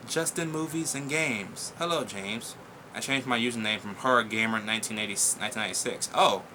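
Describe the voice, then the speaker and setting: A young man hosting a casual viewer Q&A vlog, blunt, profane and excitable as he reads and answers questions. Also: mid-range voice, a little hiss or hum.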